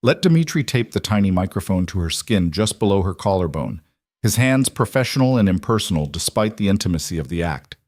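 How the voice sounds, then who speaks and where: A man narrates a romance story in a steady, even storytelling manner. His voice is low and the recording dry, with no room around it. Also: fairly quick, dry recording. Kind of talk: scripted narration.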